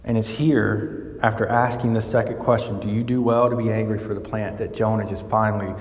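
A man delivers a sermon, his voice climbing in pitch and volume whenever he drives a point home. The sound rings through a large, roomy space with a long reverb tail. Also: fairly quick. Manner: animated, rising in pitch and volume when building a point. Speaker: pastor. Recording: echoey church hall with long reverb.

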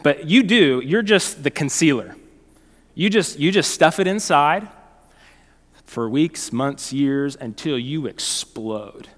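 A male pastor preaching a sermon in a conversational, animated way, telling stories and often restarting phrases. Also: fairly high pitch, slow, big-room sound.

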